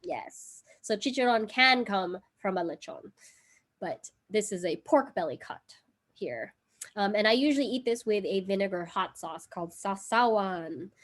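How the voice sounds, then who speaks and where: A woman hosts a casual live cooking stream from her home in Brooklyn, speaking at a measured pace in a medium-pitched voice with lively intonation. She's chatty and giggly, using lots of fillers.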